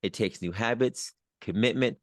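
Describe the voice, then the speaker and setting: Earnest low-voiced podcast host, man. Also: normal speed, no room sound, clean studio sound. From New York. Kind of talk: motivational podcast talk.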